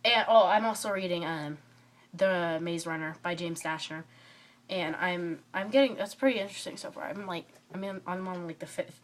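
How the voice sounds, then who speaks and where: Woman, lowish voice, stuffy cold, chatty book review vlog, rambling, excitable, lots of fillers. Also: moderate pace. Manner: rambling and excitable, many fillers, drifts off topic.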